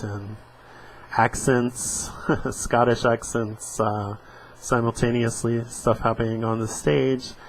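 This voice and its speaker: A man's voice: lowish voice, a little hiss or hum, poor audio. A man reading a comic aloud and commenting on it, hesitant and full of fillers. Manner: slow, hesitant, with frequent fillers. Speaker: comic book reader and reviewer.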